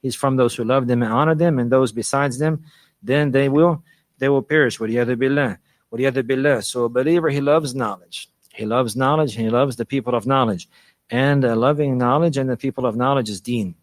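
A man's voice: medium pitch, very fast, no room sound. A man teaching a religious lecture, repeating phrases for emphasis and mixing in Arabic phrases. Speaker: Islamic preacher and teacher.

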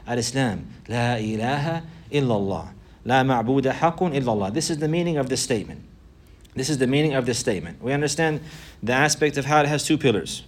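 Male religious teacher, rapid delivery, repeats phrases for emphasis, quick Arabic recitation. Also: medium pitch. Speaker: Islamic teacher. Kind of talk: religious lesson.

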